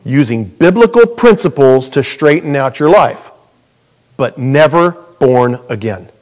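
A middle-aged man preaching a sermon as pastor, animated and jokey, with sudden loud high bursts. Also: unhurried.

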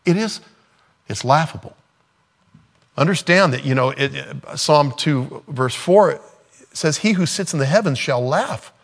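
A man's voice: on the high side, expressive, unhurried, creaky, long pauses. A man preaching a sermon in a casual, sarcastic way, acting out quotes as he goes. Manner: conversational, sarcastic, acts out quotes. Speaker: pastor.

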